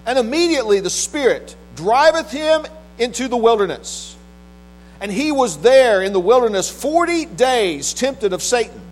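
Here a pastor with a high voice gives a solemn, measured scripture reading before shifting to everyday preaching, stumbling into a few restarts. The audio is low quality, with a faint hum from the mains.

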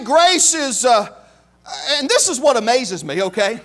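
A male preacher delivering a sermon in a strikingly high, bright voice. He speaks slowly and emphatically, and his pitch swings widely. He keeps repeating key phrases and calling out to the congregation. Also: big pitch swings.

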